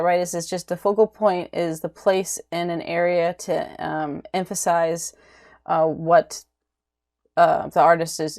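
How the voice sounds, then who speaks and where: A woman teaching an art lecture, halting, with many ums and restarts, often checking in with "right?". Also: lowish voice, a little mellow. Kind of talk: recorded lecture.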